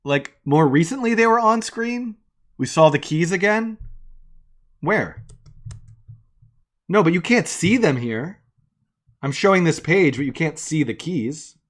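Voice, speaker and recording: A man's voice: on the high side, animated, unhurried, pauses often. Chatty man narrating his live coding. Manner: chatty, thinks aloud and narrates each step. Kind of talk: casual live-stream coding talk. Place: attic room.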